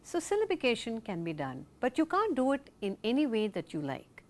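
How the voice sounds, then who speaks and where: Lively, high-voiced woman teaching a lesson. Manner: deliberate, explanatory, asks the viewer questions then answers them. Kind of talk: recorded instructional lesson.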